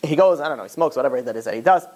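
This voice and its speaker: A rabbi giving a Torah class, telling stories in an animated, casual way full of fillers. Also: male voice, medium pitch, rapid-fire. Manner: animated storytelling, casual filler-heavy talk. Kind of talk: Torah class lecture with storytelling.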